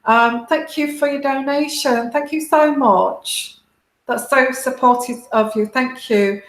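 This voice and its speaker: Slow-talking British woman, tearful. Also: sits high, fairly even intonation, echoey room, low-quality recording. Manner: halting, many restarts and fillers, heartfelt. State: close to tears. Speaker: tarot reader and livestream host. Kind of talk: casual livestream talk to viewers.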